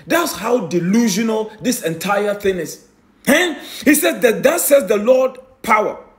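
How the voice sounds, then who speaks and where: A man delivers a sermon in a high voice that leaps all over its range. He drives each point home with rhetorical questions and a tagged "eh?". He drops from loud declaring to low muttering. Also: animated, a little slow. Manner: emphatic, rhetorical questions, tag "eh?". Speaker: preacher.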